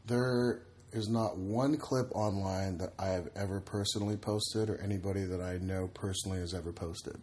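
A man's voice: low-pitched, steady tone, normal speed, few pauses, darkish tone. A man, a comedian and podcast guest, chatting casually and acting out voices in his stories. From Egypt / United States. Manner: storytelling, acts out voices in anecdotes.

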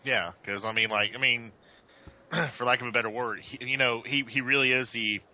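A man's voice: medium pitch, steady tone, normal speed, pushed and bright. A man co-hosting a casual podcast chat, rambling with lots of stammered restarts. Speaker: podcast co-host. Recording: dull lo-fi sound.

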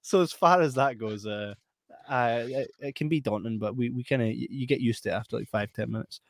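A Scottish man chatting on a podcast, jokey and quick to laugh as he reads out viewer comments. His voice sits at an ordinary middle pitch. The sound is close and dry, with no room around it. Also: no room sound. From Scotland. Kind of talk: casual chat.

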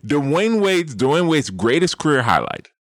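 A man's voice: fairly high pitch, sing-song, measured pace, fairly bright tone, dry recording, clean studio sound. A man co-hosting a podcast, arguing his opinions in an emphatic, casual way. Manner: emphatic, argumentative hot takes. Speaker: podcast co-host.

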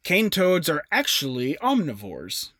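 A man's voice: on the high side, wildly swooping pitch, measured pace, bright, forceful tone, no room sound, clean studio sound. A young adult man co-hosting a podcast in casual chat, presenting facts with jokey asides. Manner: chatty, jokey, with self-aware asides. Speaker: podcast co-host.

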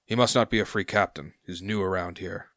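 A man voicing a gruff dwarf harbor master who is curt and dismissive, in a tabletop game. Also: low voice, fairly even intonation, fairly quick, a bit bright, no echo, clean studio sound. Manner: brusque, impatient.

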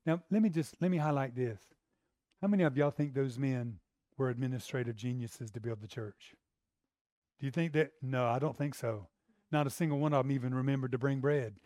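A man's voice: mid-range voice, a little fast, darkish tone, no room sound, clean studio sound. A man preaching a sermon in a conversational way, asking the congregation rhetorical questions.

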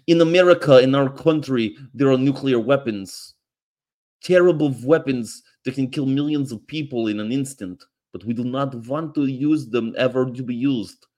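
A man voicing a gruff Soviet cartoon-villain man, mocking and menacing. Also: mid-range voice, moderate pace, darkish tone, voice pushed up, close to an everyday voice. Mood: solemn.

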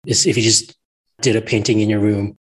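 A man's voice: fairly low pitch, steady tone, a little fast, slightly rough. A man co-hosting an interview podcast, asking questions in a wry, reflective way. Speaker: podcast co-host. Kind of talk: casual conversation.

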